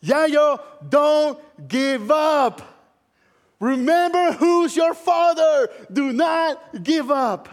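A man acting out a male pastor friend who urges him, slowly and emphatically, not to give up. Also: very high-pitched, big-room sound, voice pushed up. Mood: urgent pleading.

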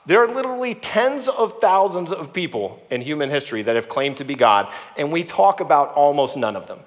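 A man's voice: fairly high pitch, big pitch swings, brisk. Earnest preacher man in a reverberant hall. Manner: earnest, emphatic, acts out quoted voices. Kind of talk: sermon.

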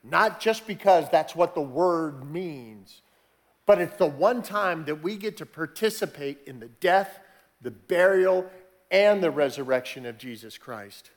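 Man, pastor, sermon, slightly high voice, conversational asides, builds to fervent emphasis. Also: lively intonation. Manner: builds from quiet, measured teaching to raised, emphatic preaching.

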